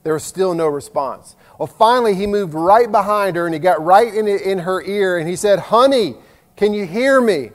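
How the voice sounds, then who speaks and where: A man's voice: sits high, normal speed, few pauses. A man, preaching a sermon in a folksy, self-deprecating way with jokes. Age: 50s. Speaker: pastor. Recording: long hall reverb.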